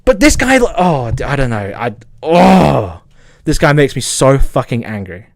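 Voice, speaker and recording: A man with a Southern English accent, streaming and ranting casually, swearing, angry and excitable, with a stutter. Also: mid-range voice, fairly quick, dry recording. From south of England. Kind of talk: casual livestream rant.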